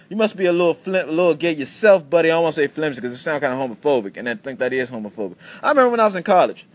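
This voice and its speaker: A young man in his twenties talks alone into the mic as host of his own podcast, rambling through stories. His voice sits a little high for a man. He swears freely and keeps breaking off and restarting his sentences. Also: racing. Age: 20s. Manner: animated, profane storytelling with many restarts. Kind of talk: casual solo podcast rant.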